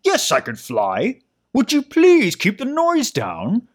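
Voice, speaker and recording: A woman voicing a grumpy, sleepy male cockroach who scolds in a low gruff tone. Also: huge pitch swings, takes it slowly, full character voice.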